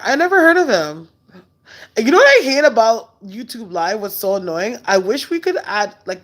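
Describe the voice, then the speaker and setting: A woman hosting a casual live stream, chatting loosely and candidly while answering viewer comments in a relaxed way. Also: medium pitch. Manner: relaxed and unhurried. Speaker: livestream host.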